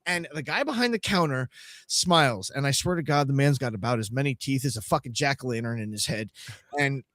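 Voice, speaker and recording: A man hosting a live podcast, telling a trip story in a profane, animated way and acting out the other people's voices. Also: medium pitch, a little fast, dry recording, clean studio sound. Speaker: podcast host.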